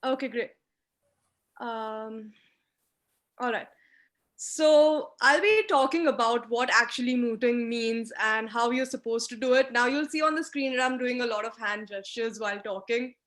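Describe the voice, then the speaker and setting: A woman's voice: on the high side, measured pace, fairly bright tone. A young woman giving an online lecture on moot court skills over a video call, speaking in an emphatic, instructive way. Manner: emphatic, instructive, talks with hand gestures. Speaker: guest speaker teaching mooting.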